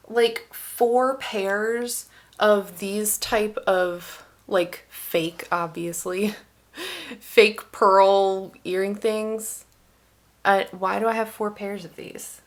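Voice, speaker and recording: A woman chatting casually at home in a writing vlog, rambling with fillers and light laughs. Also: mid-range voice. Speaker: writing vlogger. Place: at home, indoors. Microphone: headphones on, desk setup.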